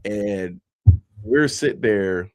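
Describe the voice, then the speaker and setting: A man's voice: on the low side, animated, takes it slowly, a little mellow, dry recording. A man hosting a podcast, telling a laid-back, rambling story with many fillers, close to the mic. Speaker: podcast host. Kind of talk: casual storytelling.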